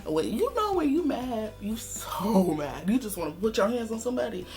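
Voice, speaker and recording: Sassy, animated woman telling a story. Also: fairly high pitch, moderate pace, soft background music. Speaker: vlogger. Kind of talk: casual storytime vlog.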